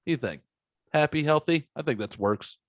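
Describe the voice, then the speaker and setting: Animated rambling male podcast host. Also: fairly high pitch, moderate pace, dry recording. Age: 40s. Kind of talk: casual podcast chat, storytelling.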